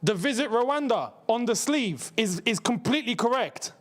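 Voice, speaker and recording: High, animated young man streaming. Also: moderate pace. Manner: incredulous, repeats himself, swings between excited and muttering low. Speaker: football streamer hosting a watchalong. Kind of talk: casual live-stream chat.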